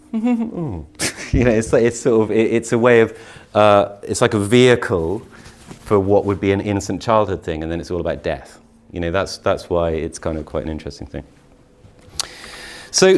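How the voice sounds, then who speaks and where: A middle-aged man, a university English lecturer, leading a live poetry workshop in a chatty way with many restarts, slowing down to read verse aloud in a measured rhythm. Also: lowish voice. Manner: lively, chatty, with frequent restarts and fillers; reads verse slowly and rhythmically. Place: conference workshop room.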